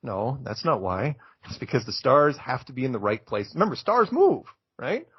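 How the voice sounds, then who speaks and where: A man talking as a podcast guest in an animated, emphatic way, getting worked up as he makes his case. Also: medium pitch, moderate pace, slightly rough, no room sound. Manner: excitable, emphatic, gets worked up. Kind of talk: animated conversational rant. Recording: dull lo-fi, dry audio.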